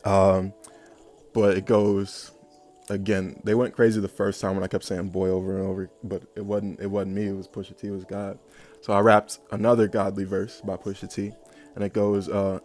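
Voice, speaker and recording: A man's voice: sits low, level tone, normal speed, darkish tone, faint music behind. A young man telling a long personal story in a casual, rambling way, full of fillers and bursts of laughter. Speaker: vlogger.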